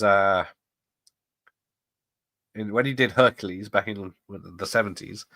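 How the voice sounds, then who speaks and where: Reading the chat during a watch party he hosts, a middle-aged man gives casual live commentary, laughing a lot and slipping into asides. His fairly low voice is bright and forceful, and the recording is dry.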